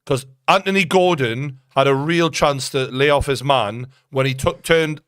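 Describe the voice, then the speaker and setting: A man with a Geordie accent co-hosting a live football watchalong, chatty and opinionated, shouting at the big moments. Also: medium pitch, measured pace, smooth, dry recording, studio quality. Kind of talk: casual live match commentary.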